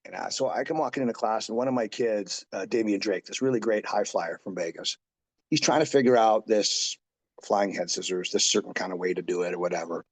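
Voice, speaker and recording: Husky-voiced wrestler telling stories. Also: male voice, lowish voice, a little fast. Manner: rambling, loose, full of fillers and asides. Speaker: pro wrestler and wrestling coach. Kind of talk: casual interview storytelling.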